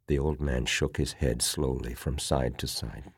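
A man narrating a story as an audiobook reader, measured and expressive. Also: rumbling low, creaky, breathy edge, no room sound, studio quality. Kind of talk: audiobook reading.

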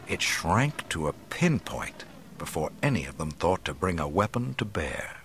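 A man narrating an audiobook in a dramatic, expressive storytelling manner. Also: deep voice, moderate pace, slight background noise. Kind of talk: scripted narration.

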